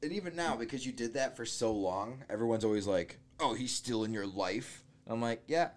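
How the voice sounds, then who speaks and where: A man's voice: medium pitch, lively intonation, normal speed. A man in casual chat with a friend, joking crudely and telling stories.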